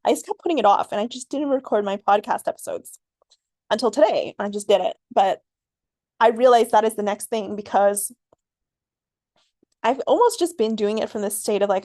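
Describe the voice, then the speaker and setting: A woman hosting her own podcast, reflecting out loud in a rambling way, full of fillers and frequent laughs. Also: medium pitch, animated, moderate pace, long pauses, no room sound. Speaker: podcast host. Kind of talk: reflective solo podcast monologue.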